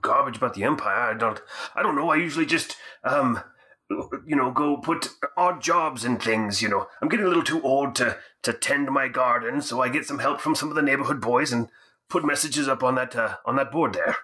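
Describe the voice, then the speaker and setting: An older card player, dodging questions with loose, rambling excuses, voiced by a man in a tabletop game. The tone is bright and forward. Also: mid-range voice, a little fast, lightly acted. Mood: evasive. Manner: casual, evasive, rambling.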